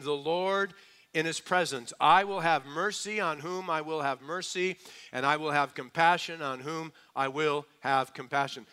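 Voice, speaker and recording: Male pastor, fairly high and ringing voice, preaches with call-and-response and slow emphasis. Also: sharp tone, clear, resonant tone. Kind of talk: sermon.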